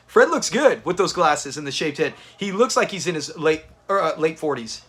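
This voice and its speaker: Man, high voice, very animated, chatty live reaction commentary, laughs a lot. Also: moderate pace, breathy edge. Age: adult with kids. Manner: chatty, laughs often, talks to viewers in chat. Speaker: livestream host.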